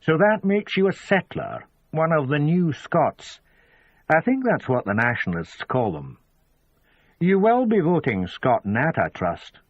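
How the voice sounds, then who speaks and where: A man's voice: a little high, huge pitch swings, measured pace, no room sound, voice pushed up, full character voice. A man voicing a young male detective who asks needling, know-it-all questions, in dull lo-fi audio. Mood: teasing.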